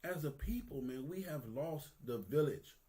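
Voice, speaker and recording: On the high side yet mellow, his animated voice moves at a moderate pace. This vlogger in his 50s gives an earnest, candid monologue, profane and casual in street style, repeating phrases for emphasis.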